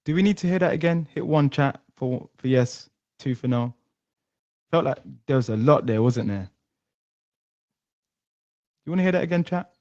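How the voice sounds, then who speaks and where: A man's voice: medium pitch, moderate pace, a little mellow, no echo. A man hosting a live-stream talk show, chatty, talking straight to his chat. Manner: chatty, addresses the chat directly. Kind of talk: casual live-stream commentary. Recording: dull lo-fi, dry.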